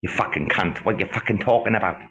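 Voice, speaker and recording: A man's voice: fairly low pitch, quick pace, a bit bright, pitched below the performer's own voice. A man putting on an impression of a furious man who swears as he scolds a friend.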